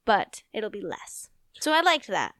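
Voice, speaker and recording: A woman co-hosting a podcast, a mother of a toddler, telling stories in an animated way and laughing often. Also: mid-range voice, a little slow, no echo. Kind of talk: casual podcast chat.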